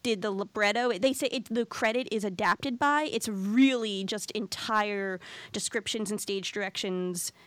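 A woman co-hosting a podcast, talking in a quick, chatty, animated way. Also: mid-range voice, no room sound. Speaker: podcast co-host. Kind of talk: casual podcast chat.

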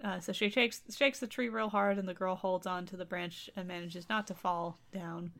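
A woman's voice: fairly low pitch, steady tone, moderate pace, vocal fry, a bit bright. A woman co-host casually retelling a folk tale, with wry, sarcastic asides. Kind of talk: casual comedic storytelling.

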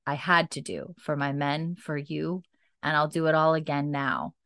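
A woman lightly voicing a stern warrior, a man of few words with a low, grave tone. He speaks slowly and evenly, and his voice is close and dry. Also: creaky, a bit bright, dry recording. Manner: grave, measured, lowered voice.

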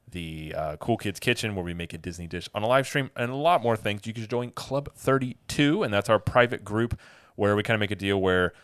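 Guy in his 30s cohosting a podcast, lowish voice, rambly w/ fillers, dry close mic. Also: fairly bright tone, smooth, dry recording. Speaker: podcast co-host. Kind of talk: casual chat. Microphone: studio microphone.

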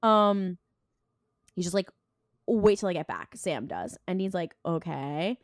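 A woman co-hosting a podcast, casually recapping an episode, retelling scenes with quick bits of quoted dialogue and frequent ums. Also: fairly low pitch, lively intonation, no echo, clean studio sound. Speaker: podcast co-host.

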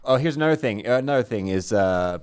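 A man's voice: mid-range voice, lively intonation, brisk, a little mellow, clear, resonant tone, no echo, clean studio sound. A young man for whom English is not his first language, casually chatting and mocking politicians with wry paraphrases. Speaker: podcast co-host. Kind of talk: casual chat.

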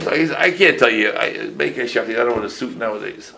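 A man in his sixties, a rabbi giving a casual halacha class full of stories, talking in an animated way with many restarts and Yiddish phrases. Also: on the low side, fast talker, vocal fry, few pauses, rough recording.

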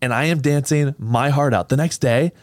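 A man hosting a podcast, telling stories in a casual, animated way with frequent laughter. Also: medium pitch, normal speed, dry recording. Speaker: podcast host. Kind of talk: casual storytelling chat.

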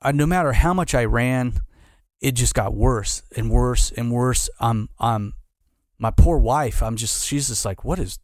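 Halting middle-aged man, dry close sound. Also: mid-range voice, dry recording. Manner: halting, restarts, repeats words; candid and emotional, says dude. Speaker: guest. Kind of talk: casual conversation, personal story.

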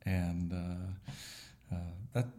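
A middle-aged man, a pastor and church planter, speaking thoughtfully in a podcast interview with frequent "uh" pauses. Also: sits low, mellow. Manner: thoughtful, with many "uh" fillers and a light laugh.

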